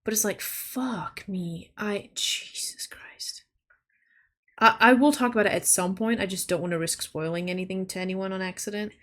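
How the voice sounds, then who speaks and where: A woman's voice: medium pitch, a little fast, few pauses. A young woman chatting casually on a stream, swearing freely and breaking off to talk to her kitten. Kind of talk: casual chat.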